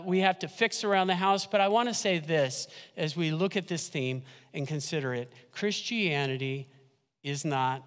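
Male pastor, sermon, high voice, chatty and humorous, slow emphatic drops, echoing church hall. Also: fairly bright tone. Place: church sanctuary. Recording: long church hall reverb.

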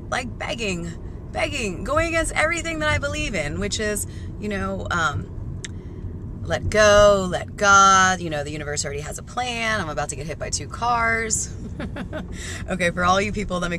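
A woman talking to a handheld camera while driving her car, chatty and excitable, rambling with sudden jumps in loudness. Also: fairly low pitch. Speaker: vlogger. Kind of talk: casual excited car vlog. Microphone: handheld camera facing her in the car. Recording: car noise in the background.

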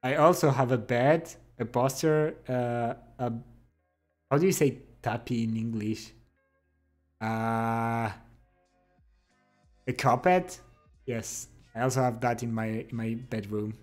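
A man's voice: medium pitch, slow, pauses often, soft background music. A young adult man livestreaming, chatting casually with his viewers, reading their messages aloud and teasing them playfully.

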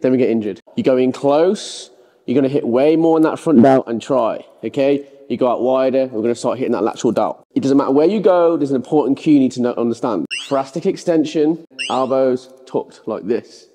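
A man's voice: mid-range voice, brisk, warm tone, in a large hall. A man coaching the overhead press, giving short firm cues as he demonstrates. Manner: instructive, cue-giving.

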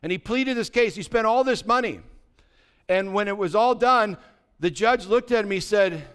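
A man's voice: high-pitched, moderate pace, fairly bright tone, clean tone. A pastor preaching a sermon, asking his congregation rhetorical questions and telling a story with acted-out dialogue. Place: church.

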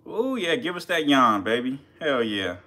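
A man giving casual live-stream commentary as a reptile keeper, chatty with viewers, swearing and getting excited. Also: mid-range voice, moderate pace.

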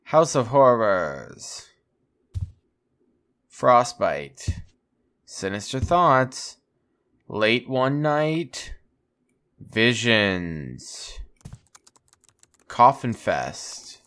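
A man's voice: medium pitch, very animated, very slow, long pauses, a bit bright. A man giving jokey, wry let's-play commentary while playing a game. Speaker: gamer playing on a channel.

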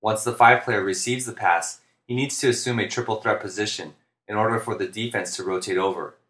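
A man, a basketball coach, narrating instructional plays in a flat, deliberate monotone, speaking clearly. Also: lowish voice, reverberant. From United States. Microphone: home recording for narration.

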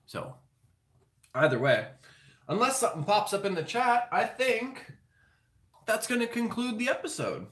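A man's voice: sits high, sing-song, unhurried, long pauses, a bit bright. A man hosting a live stream, rambling through jokes and announcements in a profane, loose, conversational way. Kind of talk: rambling comedic monologue.

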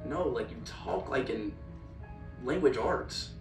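A young man being interviewed, answering in a loud, incredulous way with quick retorts. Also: medium pitch, expressive. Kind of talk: bewildered interview banter. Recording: roomy clip audio from a distance, music.

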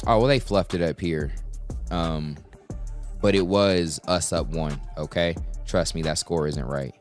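A man giving live commentary on his own basketball video game, slangy and full of trash talk, breaking into excited yells. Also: low voice. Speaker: gaming YouTuber.

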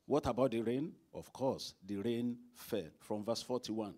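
A man's voice: mid-range voice, measured pace, dark tone. A man preaching a sermon at a church service, emphatic and asking the congregation rhetorical questions.

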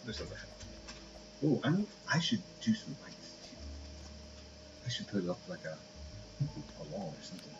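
Low-ish guy rambling through a game video, muffled sound, hiss behind. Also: very animated, a little slow, long pauses, music in the background. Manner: rambling, chatty, playful. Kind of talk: casual let's play commentary. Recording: dull lo-fi audio with hiss.

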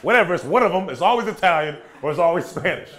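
A man from the United States doing a fast, animated stand-up set on stage, jumping into loud silly voices. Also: fairly high pitch. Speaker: stand-up comedian. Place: stage in a theater. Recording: live show with crowd laughing. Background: audience laughter and cheers.

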